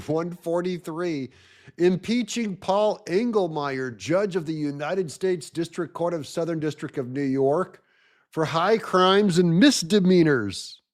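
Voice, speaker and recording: A man hosting a political commentary show, talking in a sarcastic, mocking, excitable way. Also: fairly high pitch. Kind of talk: opinion commentary monologue.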